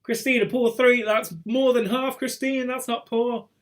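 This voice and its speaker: A man's voice: extremely high pitch, flat delivery, measured pace. A man hosting a casual online pub quiz over a video call, chatty and teasing as he reads out scores. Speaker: quiz host.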